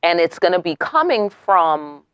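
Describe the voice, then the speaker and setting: A woman's voice: lowish voice, very animated, measured pace, smooth, dry recording, studio quality. A young woman giving a casual tarot reading, brash and profane, firing off rhetorical questions and tagging "okay?" onto her lines. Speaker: tarot reader.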